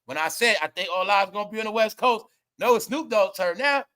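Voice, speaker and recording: A young man hosting a live gossip commentary stream, loud and laughing, often calling out to viewers. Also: sits high, lively intonation, a little fast. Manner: loud, laughing, repetitive, addresses viewers as y'all. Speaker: commentary host.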